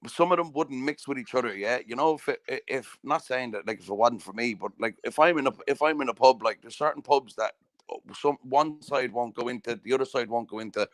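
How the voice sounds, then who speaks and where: A man's voice: mid-range voice, a little fast, dry recording. Southern Irish male host, chatty storyteller who swears freely, in a dry, close-miked sound. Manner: sweary storytelling, constantly asking "do you know what I mean". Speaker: podcast host. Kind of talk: casual chat.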